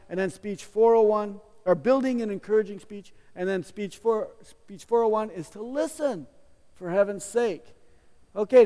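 A man's voice: high-pitched, a little mellow, in a large hall. A man preaching a sermon as a pastor, teaching in a casual, conversational way with frequent restarts and playful asides.

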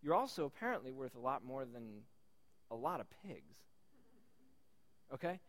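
A man giving a lively sermon to a young group, retelling a Bible story with incredulous asides and laughs. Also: medium pitch, normal speed.

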